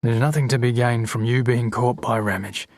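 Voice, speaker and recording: A man's voice: mid-range voice, fairly even intonation, moderate pace, a little mellow, dry recording, studio quality, natural voice. A man reading an audiobook, voicing a weary, guarded old man. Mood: urgent. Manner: older, wearier voice.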